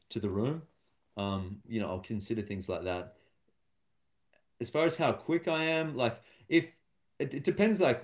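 A man's voice: fairly low pitch, darkish tone. A man, a stand-up comedian and guest, talking casually and thoughtfully in an interview, with many fillers and restarts.

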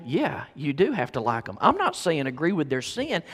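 A man with a high voice preaches a sermon in a church sanctuary, with a long reverb trailing his words. He drifts between hushed storytelling and building, emphatic exhortation. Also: big pitch swings, normal speed, few pauses. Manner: swings from quiet storytelling to rising emphatic preaching. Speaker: pastor.

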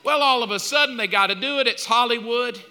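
A man in his fifties preaching a sermon, telling stories with animated, mock-outraged outbursts. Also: very high-pitched, fast talker, clean tone, in a large hall. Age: 50s. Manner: animated storytelling, jumps up loud in mock outrage. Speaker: pastor.

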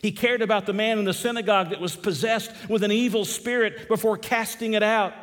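A man preaching a sermon, moving between hushed and loud emphatic passages and repeating key phrases slowly. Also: high-pitched, steady tone, in a large hall.

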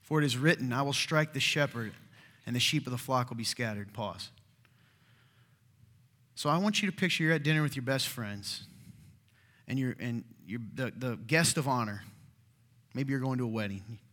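A male pastor preaching a sermon in a conversational, animated way, sometimes dropping to a hushed voice. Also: mid-range voice, moderate pace, pauses often. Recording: long hall reverb.

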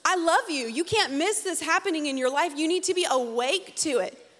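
High-voiced woman preaching in a hall. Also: expressive, fairly bright tone. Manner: humorous, conversational preaching with quick asides. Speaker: conference speaker. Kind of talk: youth sermon. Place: large event hall. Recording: reverberant hall.

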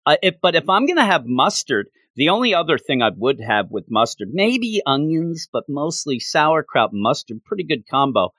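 A man's voice: fairly high pitch, sing-song, normal speed, few pauses, a bit bright, no room sound. A man casually reviewing a comic issue, chatty and full of opinionated asides.

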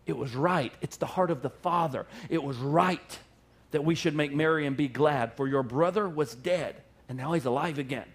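High-voiced animated preacher. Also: male voice, normal speed. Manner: animated storytelling, repetitive emphasis. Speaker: pastor. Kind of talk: sermon.

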